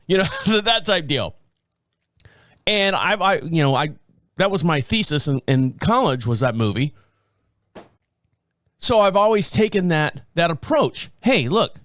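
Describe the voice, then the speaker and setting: Middle-aged man, podcast host, casual monologue, foul-mouthed, fairly high voice, dry close sound. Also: big pitch swings, moderate pace, long pauses, fairly bright tone, no room sound. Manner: foul-mouthed, laughs often, acts out quotes.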